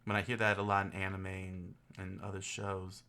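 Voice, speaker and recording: A man's voice: low voice, monotone, normal speed, bright, forceful tone. A man hosting a casual study stream, thinking aloud as he sounds out phrases and chuckles often. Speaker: host studying Japanese.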